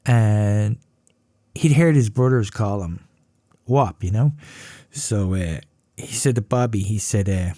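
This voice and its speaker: A man in his fifties telling a story in a casual, profane, animated way, often laughing. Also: lowish voice, slow pace, long pauses, no room sound, studio quality. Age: 50s. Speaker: podcast host.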